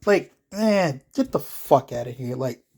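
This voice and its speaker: This wrestling vlogger's mid-range voice is creaky and darkish, with lively intonation and a slightly slow pace. Talking to camera, he delivers a casual, profane rant that rambles in exasperation amid heaps of filler words.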